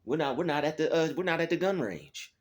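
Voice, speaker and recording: A man's voice: a little high, lively intonation, brisk. A man hosting his own channel, talking casually and preachily to his viewers, often repeating words as he searches for them. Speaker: YouTube channel host. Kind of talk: casual monologue to camera.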